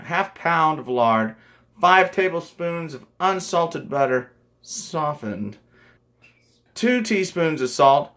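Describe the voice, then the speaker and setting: A man's voice: fairly high pitch, fairly bright tone. A man hosting a home cooking show, reading out a recipe and joking as he goes. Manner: playful, reads out a recipe slowly. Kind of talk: casual cooking demonstration.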